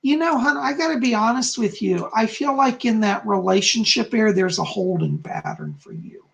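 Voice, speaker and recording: A man hosting a live stream, reading viewers' comments aloud and answering them with gentle, reassuring psychic readings. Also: high-pitched, expressive, normal speed, creaky, rough recording. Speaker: psychic host.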